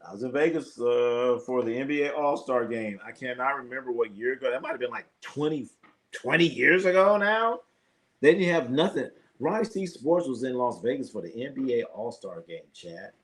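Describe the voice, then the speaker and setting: A middle-aged man hosts a live sports stream, chatting casually with viewers and telling animated, profane stories. He speaks in a mid-range voice at normal speed.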